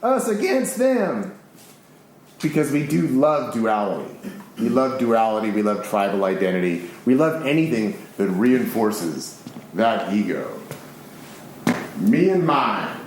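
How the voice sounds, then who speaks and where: A man from the United States, giving a live public lecture in an excitable, animated, casually profane way. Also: on the low side, unhurried, slight background noise. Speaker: speaker giving a public talk. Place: large concert hall with an audience. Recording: very echoey live hall recording.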